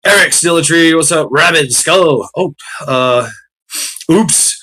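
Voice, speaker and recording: A man's voice: fairly high pitch, slow, bright, forceful tone. A tired man hosting a casual livestream, rambling and swearing as he greets chatters by name. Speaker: livestream host.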